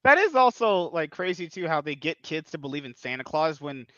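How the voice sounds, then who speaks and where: A man's voice: a little high, very animated, brisk, pushed and bright, no echo. Crude, blunt male podcast host, dull mic. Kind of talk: casual podcast chat.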